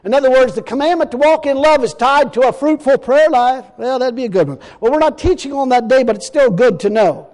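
A man preaching a folksy, emphatic sermon, slowing down to quote scripture. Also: extremely high pitch, darkish tone, big-room sound.

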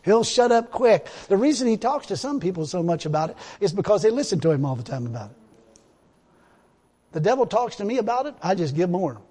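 A man's voice: sits high, sing-song, fairly quick, warm tone, slightly rough. Emphatic preacher man in a reverberant hall. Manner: emphatic, repetitive, punctuated with laughs and "Hallelujah". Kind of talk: sermon.

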